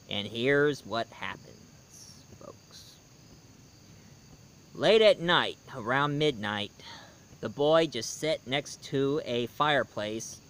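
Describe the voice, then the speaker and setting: A man telling a scary story to his listeners, dramatic, swinging between loud and hushed lines. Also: medium pitch, slight background noise. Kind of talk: spooky storytelling.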